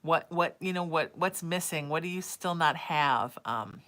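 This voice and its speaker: A woman hosts a live psychic reading show in a casual, rambling chat. Her voice sits on the low side but rings bright and forceful. She talks to viewers with affection, calling them sweetie. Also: unhurried. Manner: affectionate, calls listeners sweetie and baby.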